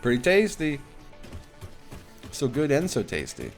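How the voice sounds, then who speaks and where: Animated man chatting on a game stream. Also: medium pitch, a little slow, soft background music. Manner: animated storytelling with frequent laughs. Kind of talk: casual live-stream chat while gaming.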